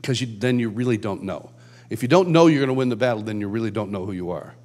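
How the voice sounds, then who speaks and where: A man's voice: fairly low pitch, animated, quick pace. Conversational man preaching at a conference. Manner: conversational, with acted-out shouts and quotes. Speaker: conference speaker. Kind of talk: sermon. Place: large church hall.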